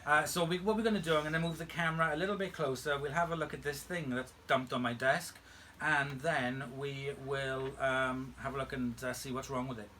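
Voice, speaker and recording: A man's voice: medium pitch, steady tone, brisk, bright, forceful tone, slight background noise. A man hosting a vacuum restoration channel, chatting casually from home in a playful, teasing way. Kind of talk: casual chat. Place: home room.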